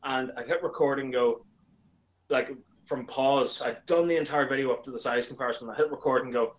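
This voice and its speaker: A man appearing as a YouTuber guest tells stories energetically in casual conversation, speaking fairly quickly at an ordinary middle pitch. He's an animated storyteller who shifts into a higher voice to act out the lines of people he quotes, and the audio sounds dull.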